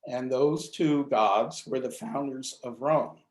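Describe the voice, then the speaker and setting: Older male club speaker, mid-pitched, hesitant lecture delivery, roomy sound. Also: slow pace. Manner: hesitant, many fillers and restarts. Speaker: invited speaker. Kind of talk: history talk.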